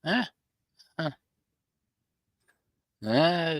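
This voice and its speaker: A man hosting a casual live stream, rambling through slangy, joking banter and calling out his chatters by name. His voice sits fairly low and comes across forceful and sharp, close and dry with no room around it. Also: normal speed, dry recording. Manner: laughs often, slangy banter. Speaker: livestream host.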